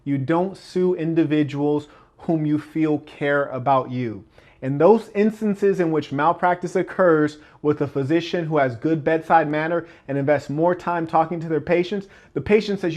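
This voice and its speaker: A man's voice: a little high, measured pace, a little mellow. A man hosting a motivational self-improvement talk, emphatic and preacher-like, acting out small scenes as he goes. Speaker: channel host and speaker on self-improvement.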